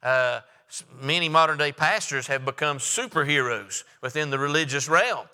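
A man's voice: on the high side, expressive, moderate pace, bright, forceful tone, smooth, in a large hall. A man, a pastor preaching a sermon in a church, emphatic and repetitive, with frequent filler sounds.

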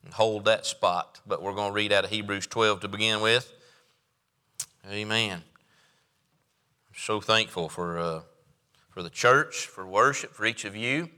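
A man's voice: on the low side, a little slow, long pauses, bright, forceful tone. A man preaching a sermon as pastor, in a folksy, joking manner with frequent fillers. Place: church sanctuary. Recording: reverberant church sanctuary.

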